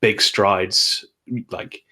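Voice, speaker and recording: Low-pitched man, thirties, relaxed podcast host, laughs easily. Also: drawn-out words. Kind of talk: casual chat.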